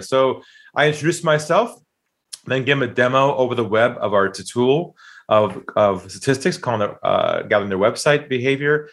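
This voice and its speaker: Man, animated storytelling, emphatic delivery, acts out voices. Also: medium pitch, brisk. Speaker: sales trainer guest telling a story.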